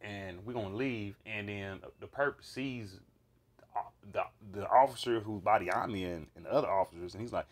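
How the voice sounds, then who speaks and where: A man with a fairly low, slightly rough voice talks a little fast as he relates a vivid dream. His casual monologue is animated and full of swearing, wandering along with fillers and restarts.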